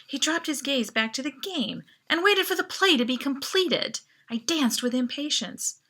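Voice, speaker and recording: A woman author reading her own novel aloud as lively, expressive first-person narration. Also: sits high, normal speed.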